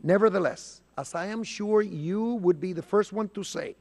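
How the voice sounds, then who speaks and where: A man from Puerto Rico with a slightly raised pitch delivers a prepared statement at a congressional hearing. He moves through facts, dates and statistics in measured order and stresses the words he wants noticed. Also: gravelly, darkish tone. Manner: deliberate, emphatic, lists facts and figures. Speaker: congressman questioning a witness. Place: committee hearing room.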